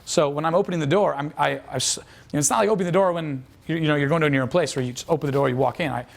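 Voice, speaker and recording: A man's voice: fairly high pitch, rapid-fire, gravelly. A man telling a dating coach's story as a lesson, casual and profane, with lots of fillers. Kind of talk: instructional storytelling.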